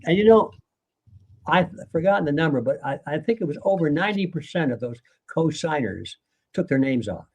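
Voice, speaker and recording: A man's voice: fairly high pitch, lively intonation, a little fast, breathy edge. An older man, a guest author in a live conversation, speaking earnestly and lecturing, with occasional laughs.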